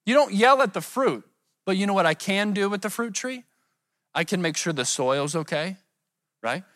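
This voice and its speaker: High-voiced pastor preaching conversationally. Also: male voice, lively intonation, moderate pace, fairly bright tone, dry recording, clean studio sound. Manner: conversational, asks the congregation rhetorical questions. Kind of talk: sermon.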